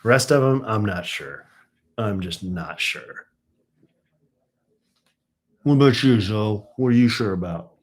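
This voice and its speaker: A man's voice: lively intonation, slow pace, pauses often. A middle-aged man hosting a casual live stream from home, chatting with viewers and ranting in exasperation. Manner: chatty, turns exasperated and high-pitched when ranting.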